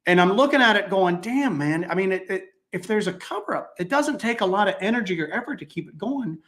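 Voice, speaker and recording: Animated storytelling man, slightly high voice. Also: fairly quick. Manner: animated storyteller, acts out quotes, repeats himself. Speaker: podcast host. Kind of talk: casual chat.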